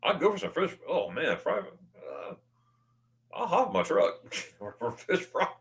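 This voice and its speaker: A man hosting a casual livestream, greeting viewers by name and reading their comments, excitable and often stammering as he restarts his words. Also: on the high side, a little slow, creaky. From United States. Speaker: livestream host.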